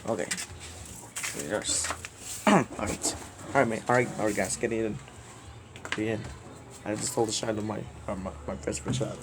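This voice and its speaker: A man making a rambling direct-to-camera plea, repetitive and halting, swinging between loud outbursts and mumbling. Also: fairly low pitch, fairly even intonation. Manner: halting, restarts words often. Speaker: video creator.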